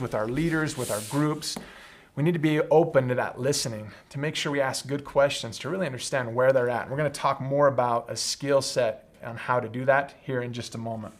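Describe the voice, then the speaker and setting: Youngish guy running a live team training, earnest, keeps saying "right?", normal pitch. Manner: earnest teaching tone, frequent "right?" tag questions. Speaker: host of a leadership training talk. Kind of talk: live-streamed training talk.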